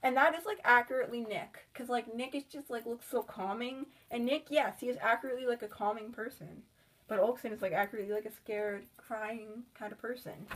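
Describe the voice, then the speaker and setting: A woman's voice: on the high side, fairly quick, fairly bright tone. A woman chatting casually in a vlog about her sketchbook, rambling and filling with "like". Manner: rambling, with many "like" fillers. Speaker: artist showing her sketchbook.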